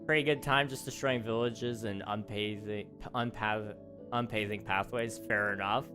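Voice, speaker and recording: A man's voice: fairly low pitch, steady tone, normal speed, music in the background. A young man hosting a live gaming stream, chatting casually, laughing often and answering his chat aloud. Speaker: livestream host.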